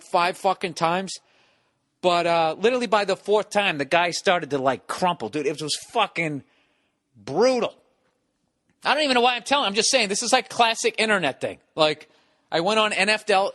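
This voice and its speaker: A man's voice: high-pitched, dry recording, studio quality. Profane, rambling male comedy podcaster. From United States. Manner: profane, rambling storytelling with animated acted-out bits. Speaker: podcast host. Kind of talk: casual comedic monologue.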